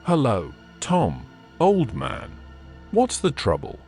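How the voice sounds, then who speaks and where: A man voicing a genial, tall gentleman who talks in a brisk, friendly, reassuring way. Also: mid-range voice, huge pitch swings, faint music behind, heavily acted.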